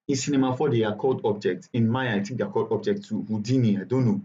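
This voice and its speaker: Quick-paced and casual, a male bootcamp instructor with a low, mellow voice and a Nigerian English accent leads a live online tutorial over dull call audio. He's chatty and repetitive, often correcting himself as he goes.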